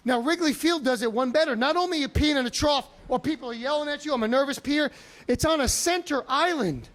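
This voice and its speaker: A comedian from Chicago telling animated stories on a comedy club stage, with sudden loud outbursts. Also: male voice, very high-pitched, fast. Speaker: stand-up comedian. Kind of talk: stand-up set.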